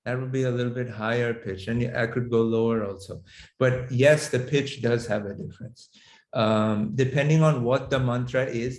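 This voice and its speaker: A man teaching a class on mantra healing, explaining in a measured way with frequent fillers and restarts. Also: medium pitch. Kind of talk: lecturing to a class. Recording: echoey room sound.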